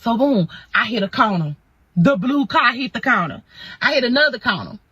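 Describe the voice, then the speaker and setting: A woman's voice: on the high side, animated, moderate pace, pushed and bright, breathy edge, no echo, dull audio. A woman telling a dramatic storytime in slangy, punchy talk full of sound effects. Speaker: storytime creator. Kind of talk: animated storytime.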